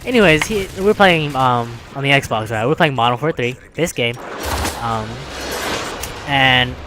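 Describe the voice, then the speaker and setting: A man's voice: medium pitch, animated, a little slow, noisy background. A young man telling a casual story, rambling and filling it with "like" and "right?", with music behind. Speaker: vlogger.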